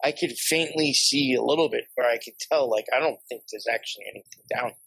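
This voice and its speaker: A man's voice: medium pitch, a little fast, creaky, a bit bright, husky, dry recording, rough recording. Swearing New York man telling a ghost story. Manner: rambling, heavy swearing, laughs often. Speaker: podcast guest. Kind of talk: casual storytelling.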